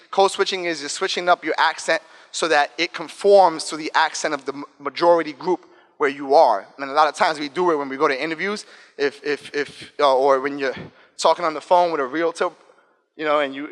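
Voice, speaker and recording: A man in his thirties from the South Bronx with an African American English accent, giving an energetic, talkative and joking casual talk to students. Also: on the high side. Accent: African American English, New York. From South Bronx, New York. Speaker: guest speaker. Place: school event room. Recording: long reverb hall.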